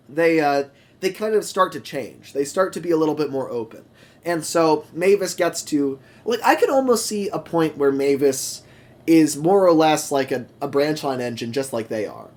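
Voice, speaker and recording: A man co-hosting a casual chat, animated, laughing often and full of fillers. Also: on the high side. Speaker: podcast co-host.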